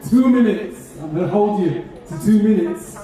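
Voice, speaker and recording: A man's voice: high-pitched, moderate pace. A man with an English accent hosting a live community event, coaxing the audience to join in and share stories. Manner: upbeat, coaxing, calls out to the audience. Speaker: event host. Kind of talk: live event compering, rallying a crowd. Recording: echoey, distant mic, loud music and crowd.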